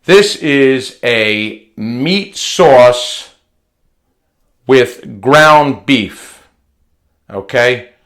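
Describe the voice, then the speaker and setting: In his home kitchen, a home cooking vlogger talks through a recipe in a chatty, folksy manner, frequently repeating words and restarting phrases. His mid-range, slightly bright voice is animated, with drawn-out words and long pauses in this casual cooking demonstration.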